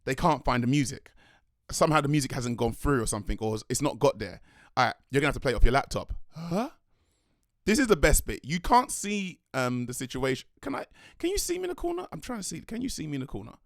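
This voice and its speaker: A young man, a dance crew leader telling a rambling, excitable story in a vlog. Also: a little high, fairly quick, creaky, no room sound, clean studio sound. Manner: rambling, excitable, slangy, self-correcting.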